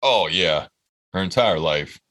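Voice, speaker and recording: Guy in his 30s on a podcast, deep punchy voice, swears a ton, rambles through a story. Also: expressive, slow, fairly bright tone. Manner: profane, rambling, heartfelt storyteller. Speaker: podcast co-host. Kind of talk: casual storytelling chat.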